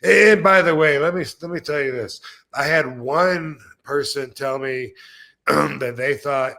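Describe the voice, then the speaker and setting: A man's voice: fairly high pitch, unhurried, creaky, sharp tone. Male podcast host, easygoing and rambling, full of fillers and restarts. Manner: laughs between remarks. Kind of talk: casual chat.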